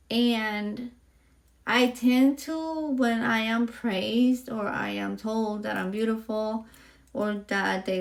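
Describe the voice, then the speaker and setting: A woman hosting her own podcast, telling a personal story slowly and with feeling. Her voice sits a little high and has a gravelly, fried edge. She rambles, fills pauses with "um" and "like," and sounds close to tears at times. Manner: heartfelt, rambling, frequent fillers. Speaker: podcast host.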